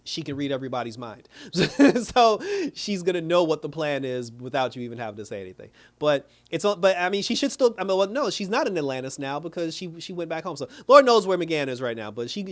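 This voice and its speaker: Man, show reviewer, casual recap, slightly higher pitch, frequent laughter, rambling. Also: expressive, fast. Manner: laughs often while retelling, loose and rambling.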